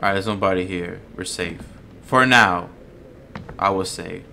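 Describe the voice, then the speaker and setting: A man giving casual let's-play commentary on a horror game, jumpy and swearing, shouting when chased and stumbling when he reads aloud. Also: sits low, a little slow, gravelly, slight background noise. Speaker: gamer playing a horror game.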